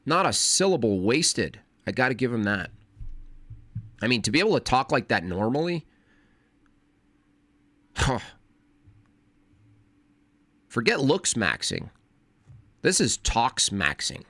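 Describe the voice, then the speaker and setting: A man on a casual livestream, talking fast and wordily with frequent restarts. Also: medium pitch, very animated, bright, forceful tone, no room sound. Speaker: streamer.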